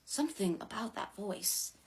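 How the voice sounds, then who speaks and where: A woman reading a fantasy novel aloud in an expressive, dramatic way. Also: mid-range voice, normal speed, a little hiss or hum. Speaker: reader.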